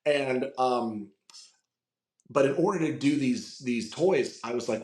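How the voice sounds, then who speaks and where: A man's voice: medium pitch, slow, a little mellow, slight background noise. Rambling man telling stories in an echoey room. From Florida, USA. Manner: rambling, lots of "like" and restarts. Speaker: podcast guest. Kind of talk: casual storytelling chat. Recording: roomy echo.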